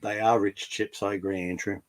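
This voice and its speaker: A man's voice: lowish voice, level tone, moderate pace. A man on a video call panel, laughing easily and egging the others on. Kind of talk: casual panel chat.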